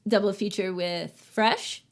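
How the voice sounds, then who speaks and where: A woman's voice: mid-range voice, steady tone, unhurried. A woman hosting a casual podcast chat, giving opinionated film reviews and often trailing off and restarting her thoughts. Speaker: podcast host.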